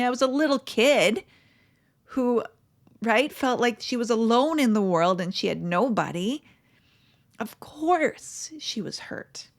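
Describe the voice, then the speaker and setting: A middle-aged woman, a coach and podcast host, gives a reflective monologue while tearful and crying. Her medium-pitched voice is emotional and halting, broken by sighs and soft, breathy asides.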